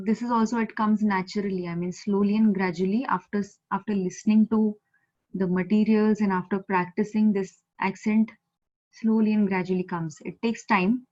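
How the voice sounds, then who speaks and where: Indian woman teaching Japanese slowly. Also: medium pitch, steady tone, dark tone. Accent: Indian English. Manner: patient, repeats words slowly for learners. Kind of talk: online language lesson. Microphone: video call. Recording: slightly muffled video call audio.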